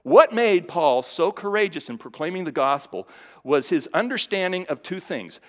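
A man preaching in a church hall, his voice sitting a little high and rising and falling widely as he swings from loud emphasis to hushed lows. He talks conversationally, checking in with his audience. A long reverb trails behind every word. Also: big pitch swings, moderate pace. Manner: conversational, with fillers and restarts, asks the audience questions. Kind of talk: sermon.

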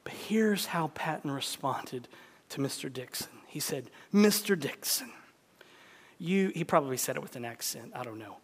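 A man's voice: mid-range voice, animated, moderate pace, slightly rough. A man preaching a sermon, telling a story with dramatic quoted voices. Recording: long hall reverb.

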